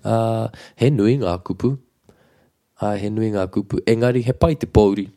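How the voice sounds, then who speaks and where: Deep, mellow-voiced New Zealand man as a patient language teacher who repeats phrases slowly. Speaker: te reo Māori teacher. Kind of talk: relaxed language lesson.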